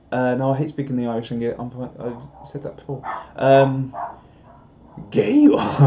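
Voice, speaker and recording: A man's voice: medium pitch, warm tone. A man hosting a live stream, reading viewer comments aloud in a jokey, rambling way, on a dull lo-fi recording. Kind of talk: casual live stream chat. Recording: dull lo-fi sound.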